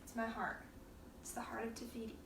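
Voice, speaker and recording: In her home kitchen, a cooking show host runs a casual demonstration, chatting playfully and laughing often as she works. Her fairly high voice is completely flat in delivery, a little fast, with vocal fry and a slightly bright quality. She's recorded off-mic from a distance, with roomy kitchen sound and slight background noise.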